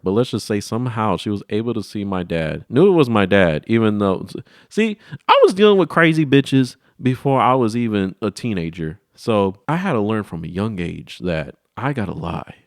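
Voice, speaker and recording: A young man telling a childhood story in a profane, animated, rambling way. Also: lowish voice, no room sound, studio quality. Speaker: vlogger. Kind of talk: comedic storytelling.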